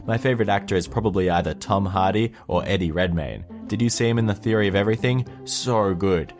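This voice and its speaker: A man reads a text message aloud, putting on the voice of a bubbly young woman who overshares, gushing and rambling breathlessly in a chirpy mood. His own voice is on the low side, fast and darkish, sounding natural. Faint music plays behind him.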